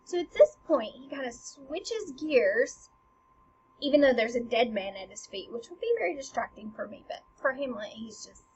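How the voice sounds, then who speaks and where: A woman teacher casually explaining a play with lively, chatty talk. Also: high voice, moderate pace, slightly rough, low-quality recording. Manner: lively, casual, with fillers and acted quotes.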